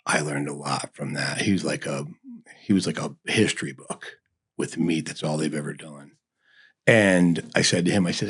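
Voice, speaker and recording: Middle-aged guy rambling through stories, deep gravelly-ish husky voice, lots of "you know". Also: fairly even intonation, moderate pace. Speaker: barbecue restaurant owner, guest. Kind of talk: casual interview chat.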